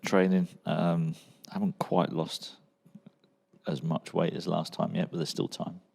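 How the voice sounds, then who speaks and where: A man with a very low, gravelly voice chats easily on a podcast sofa. He rambles a little and leans on fillers as he recalls his playing days. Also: level tone, unhurried, a little mellow. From England. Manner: laid-back, rambling with fillers. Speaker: podcast co-host, former footballer. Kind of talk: casual chat.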